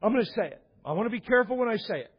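A man's voice: sits high, expressive, husky, voice pushed up. A man doing a weeping showy TV preacher. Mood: dramatic pleading. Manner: dramatic, halting, drawn-out pleading. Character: fake-weeping flashy male TV preacher, theatrical, pleading. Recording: dull echoey hall recording.

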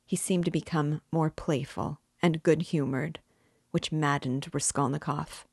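A woman hosting a reading series, narrating a classic novel aloud in a measured, even way. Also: low voice, vocal fry, husky, no echo, clean studio sound. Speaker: book club host reading aloud. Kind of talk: audiobook narration.

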